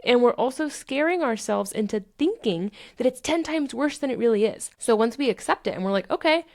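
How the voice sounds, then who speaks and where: A woman's voice: a little high, animated, brisk. A young adult woman hosting a podcast, talking through self-help tips in a candid, casual way, swearing freely and acting out her inner dialogue. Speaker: podcast host.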